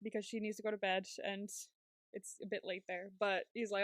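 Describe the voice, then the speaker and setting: A woman's voice: mid-range voice, steady tone, a little fast, no echo, clean studio sound. A woman co-hosting a podcast, recapping a TV episode in casual chat, acting out the characters' lines and laughing often. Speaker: podcast co-host.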